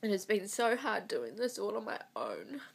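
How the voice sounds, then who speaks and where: A woman in her thirties recording a personal video diary on her phone. She is crying, and she talks in a halting, emotional way, with sighs between her words. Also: medium pitch, sing-song, gravelly, breathy edge. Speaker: vlogger. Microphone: phone mic.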